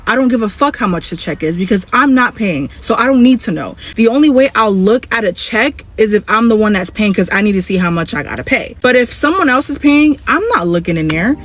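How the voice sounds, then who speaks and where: A woman's voice: mid-range voice, lively intonation, fairly quick, hardly any pauses. A woman telling a casual story in an indignant, profane rant.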